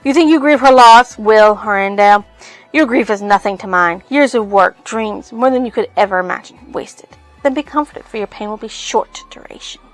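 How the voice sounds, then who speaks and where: A woman's voice: mid-range voice, moderate pace, soft background music, natural voice, rough recording. Woman reading as a bitter scheming villain. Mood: menacing.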